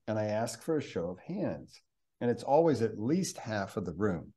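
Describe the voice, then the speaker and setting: A man with a fairly low voice hosts a podcast conversation. He speaks in an animated, teacherly way. At times he eases into the slow cadence of a guided meditation. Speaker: podcast host and mindfulness teacher for physicians.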